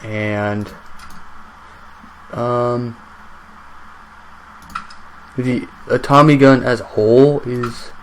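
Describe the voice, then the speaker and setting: A man's voice: mid-range voice, fairly even intonation, drawn-out words, long pauses, a little hiss or hum. A man giving casual let's-play commentary on his own game, rambling and chatty, joking with the enemies as they come at him.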